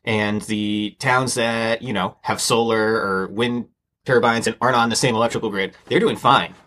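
A man's voice: on the low side, steady tone, normal speed, pushed and bright. A man from New England in casual political chat, wry and matter-of-fact.

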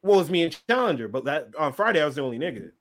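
A man with a notably high voice tells a story in relaxed, casual chat. He rambles and restarts, dropping "like" into nearly every phrase. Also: rapid-fire. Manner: rambling, fills speech with "like".

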